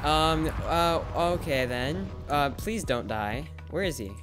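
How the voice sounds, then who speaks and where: A young man hosting a casual gaming video, excitable and quick to laugh, yelling frantic calls for help in tense moments. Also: a little high, soft background music. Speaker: gaming channel host.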